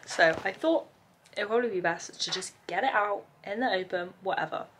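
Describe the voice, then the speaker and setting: A young woman chats to her phone camera at home, tired and overwhelmed. She rambles in run-on lists padded with "like," her pitch sitting in an ordinary middle range. A faint hum of room ambience sits behind her. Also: normal speed. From England. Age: young adult. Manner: rambling, talks in run-on lists with many "like" fillers. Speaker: vlogger. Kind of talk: casual chatty vlog. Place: home, indoors.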